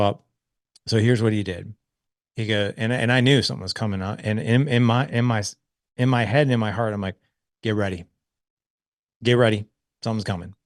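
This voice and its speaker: A man's voice: fairly low pitch, dry recording, studio quality. A middle-aged man speaking as a podcast guest, telling a story about fatherhood earnestly, often tagging "right?" on to his points. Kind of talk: conversational interview storytelling.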